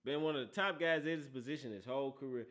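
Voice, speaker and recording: A man's voice: mid-range voice, fast talker, fairly bright tone. A man hosting a casual football talk show, teasing and laughing often, with a habit of asking "right?". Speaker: host.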